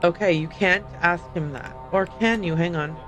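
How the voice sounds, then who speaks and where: A woman's voice: lowish voice, normal speed, a bit bright, soft background music. Chatty woman streaming a game. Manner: rambling, chatty, self-correcting. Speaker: livestream host playing a game. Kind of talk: casual gameplay commentary.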